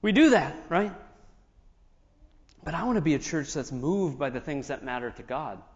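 A pastor reads scripture aloud and explains it in asides between verses. His voice is a little high and animated, at a moderate pace. The audio is dull, with long reverb from a large hall.

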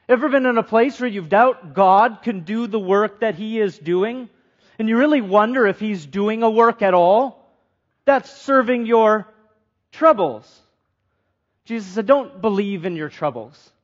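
Man preaching, earnest, questioning the congregation, high voice, muffled recording. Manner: earnest, asks the congregation questions, repeats phrases for emphasis. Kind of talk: sermon. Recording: dull lo-fi sound.

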